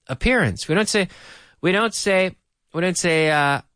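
A man's voice: sits high, moderate pace, no room sound, studio quality. A middle-aged man teaching an English lesson, playfully drilling words by repeating them with a rhythmic da-da-da. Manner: playful, animated delivery.

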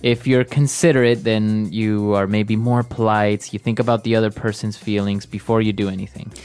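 A man's voice: lowish voice, little pitch movement, moderate pace, darkish tone, smooth, faint music behind. A man hosting an English lesson podcast, upbeat, steering the segments with short confirmations. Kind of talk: leading a casual lesson chat.

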